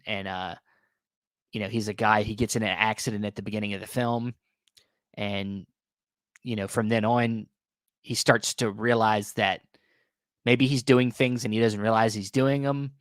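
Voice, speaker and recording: A man's voice: fairly low pitch, no echo, clean studio sound. A man hosting a casual vlog about his recent Blu-ray purchases, rambling with many restarts and fillers, his voice a little worn as he is losing it. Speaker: video host reviewing Blu-ray purchases. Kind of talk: casual unscripted vlog talk.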